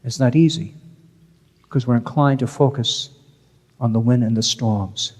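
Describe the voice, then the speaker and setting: A man's voice: mid-range voice, unhurried, darkish tone. A man, a priest, giving a conversational sermon, repeating key phrases for emphasis. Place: church. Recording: church with long reverb.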